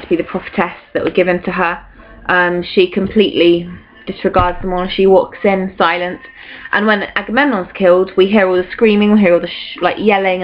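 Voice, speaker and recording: A woman's voice: lowish voice, highs cut off, slight background noise. A young woman in her late teens, casually talking through revision notes with lots of fillers, now and then acting out quotes in playful voices. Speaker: student revising for exams. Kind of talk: casual revision talk to camera.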